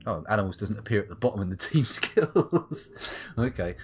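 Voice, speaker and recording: A man's voice: lowish voice, expressive, normal speed, over music. A man giving playful, jokey live gameplay commentary as a streamer, with muttered asides. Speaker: game streamer.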